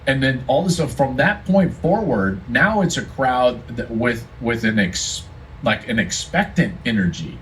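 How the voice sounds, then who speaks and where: A man's voice: mid-range voice, expressive, normal speed, a bit bright, far from the mic, a little hiss or hum, poor audio. A man giving a football analyst's emphatic, storytelling breakdown of a game moment. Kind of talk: casual commentary breakdown.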